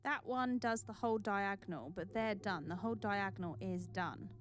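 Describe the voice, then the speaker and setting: Speaking with a medium pitch at a moderate pace, a woman provides gaming stream commentary over background game music. She's talkative, prone to exclamations, and self-mocking as she plays.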